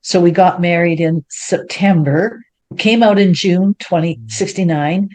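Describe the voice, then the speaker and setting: A woman, an interview guest telling her life story in a lively way and acting out what people said. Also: fairly low pitch, measured pace. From Ontario, Canada. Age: 70s. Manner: animated, acts out quoted speech in a raised voice.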